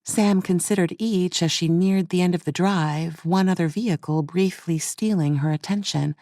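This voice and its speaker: A woman narrating a thriller audiobook in a measured, even storytelling manner. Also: lowish voice, no echo, studio quality. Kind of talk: scripted narration.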